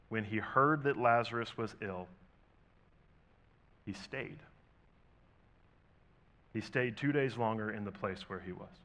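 Man preaching a lively, conversational sermon. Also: medium pitch. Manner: conversational preaching, rhetorical questions, dynamic swings in volume. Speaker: pastor.

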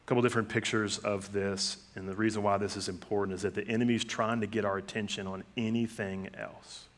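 A middle-aged man with a fairly low voice preaching a sermon. He talks casually, like he is chatting with the congregation, and acts out the quotes in his stories. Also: brisk. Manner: conversational storytelling with lively acted-out quotes. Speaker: pastor.

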